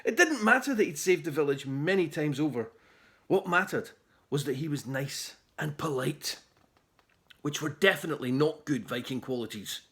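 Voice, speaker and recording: A man reading his children's book aloud in an animated, theatrical way. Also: a little high, moderate pace.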